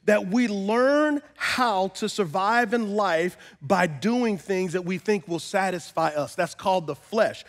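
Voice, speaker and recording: A middle-aged man, a pastor preaching a sermon, who moves from calm storytelling to loud, impassioned crying out. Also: high-pitched, slow, few pauses.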